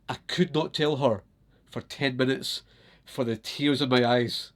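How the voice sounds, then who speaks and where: A Scottish man chatting to camera in a loose, storytelling way. He is animated, breaks into laughter often and swears without a second thought, at a mid-range pitch. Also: moderate pace. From Scotland. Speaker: vlogger.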